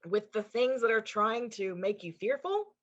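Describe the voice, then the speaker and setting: A woman co-hosting a casual podcast chat, talking in an animated, emphatic way and swearing casually. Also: a little high, normal speed. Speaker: co-host, intuitive channeler. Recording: dull lo-fi sound.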